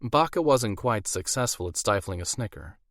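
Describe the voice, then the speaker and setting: A man narrating a fantasy audiobook in a measured storytelling manner, on a close studio mic. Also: fairly low pitch, animated, a bit bright, no echo. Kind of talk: scripted narration.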